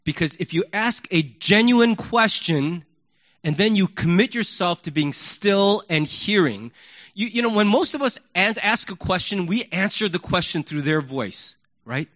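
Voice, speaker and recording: A man preaching a sermon in an animated way, acting out yelled questions. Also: high-pitched, measured pace. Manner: animated, acts out yelling questions. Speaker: pastor. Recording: dull lo-fi recording.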